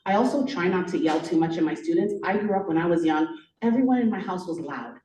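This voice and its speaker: A woman teacher on a panel, talking in an animated, storytelling way, full of "like" and "you know". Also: fairly low pitch, fast talker, a little hiss or hum. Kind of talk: conversational panel talk. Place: event room. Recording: echoey room, voice from far off.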